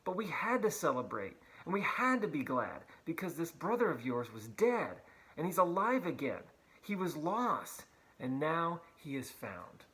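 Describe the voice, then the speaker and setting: A man voicing a loving father who speaks gently and reassuringly to his son in a retold story. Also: on the high side, very animated, a little slow, low-quality recording. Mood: tender.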